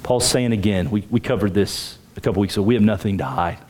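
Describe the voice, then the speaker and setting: A pastor preaching a sermon, emphatic, with his pitch climbing on key points and repeating words as he starts phrases. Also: fast talker, darkish tone.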